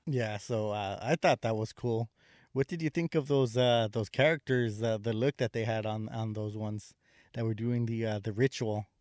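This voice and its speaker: A man's voice: on the low side, fairly even intonation, moderate pace, darkish tone, dry recording, clean studio sound. A man co-hosting a casual film review chat, rambling with lots of fillers and restarts. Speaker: podcast co-host reviewing a horror film.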